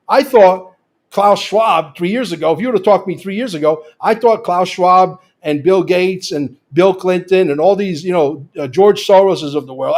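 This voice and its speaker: Guest, man, high voice, emphatic talker who repeats and restarts lines. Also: darkish tone. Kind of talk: casual conversational talk.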